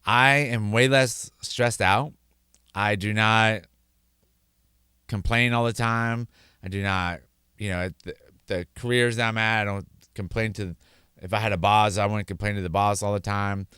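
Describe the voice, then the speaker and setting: A man's voice: on the low side, fairly even intonation, a little slow, pauses often, pushed and bright, clear, resonant tone, dry recording, clean studio sound. A man sharing his personal testimony, earnest and repeating words for emphasis. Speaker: speaker sharing his sobriety story.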